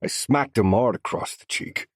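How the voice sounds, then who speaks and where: A man's voice: on the low side, normal speed, husky, dry recording, studio quality. A man narrating a first-person crime story in scripted audiobook style, with a menacing, growling delivery.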